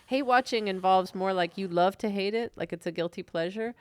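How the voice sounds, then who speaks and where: A woman co-hosting a casual TV talk podcast, chatty and quick to laugh. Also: medium pitch, no echo, studio quality. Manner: giggly, chatty, laughs often. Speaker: podcast co-host. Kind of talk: casual chat.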